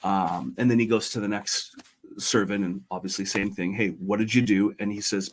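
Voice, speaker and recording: A man's voice: fairly low pitch, fairly even intonation, moderate pace. A middle-aged man, a podcast guest, talking earnestly and retelling a parable in a conversational way. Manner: retells a parable, voicing characters lightly.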